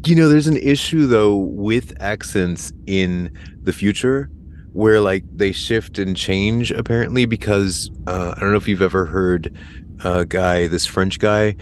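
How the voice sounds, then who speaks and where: Deep-voiced man musing with a laugh. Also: measured pace, a little hiss or hum. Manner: musing, hesitant, laughs often, trails off mid-thought. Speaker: podcast guest. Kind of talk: casual podcast chat.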